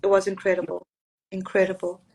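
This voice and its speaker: A woman, a singer raised in Zambia and Zimbabwe, telling lively stories about her career in a casual live-streamed interview, often laughing. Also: medium pitch, fairly quick, vocal fry. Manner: warm, storytelling, laughs often.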